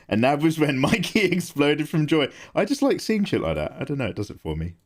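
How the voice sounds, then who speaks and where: Speaking close to the microphone, a man keeps up a casual conversation with his live-stream audience as he draws. He sounds a little high and brisk, easily excited, and curses without holding back.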